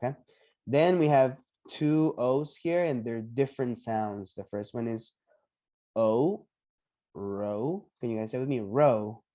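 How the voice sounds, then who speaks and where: A man teaching English pronunciation on a video call, patiently repeating each word slowly for his students. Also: medium pitch, warm tone, lo-fi sound. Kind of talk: online pronunciation lesson.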